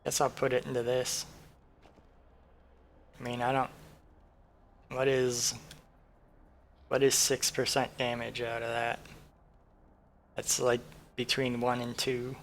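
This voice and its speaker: Gravelly man mumbling through a game. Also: mid-range voice, monotone, takes it slowly, long pauses, fairly bright tone, slight background noise. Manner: rambling, self-deprecating, thinking aloud. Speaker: streamer. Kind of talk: casual gameplay commentary.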